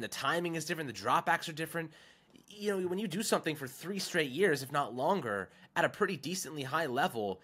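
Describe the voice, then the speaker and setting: Brief: male podcast co-host, tense bright voice, emphatic and opinionated on football. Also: on the high side, husky. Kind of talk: casual sports talk.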